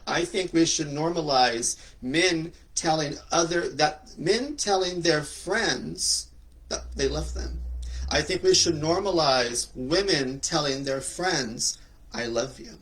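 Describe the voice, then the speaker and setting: A man's voice: on the high side, takes it slowly, a bit bright. A young man giving a flamboyant, preachy motivational monologue, with sassy asides. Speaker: spiritual talk host.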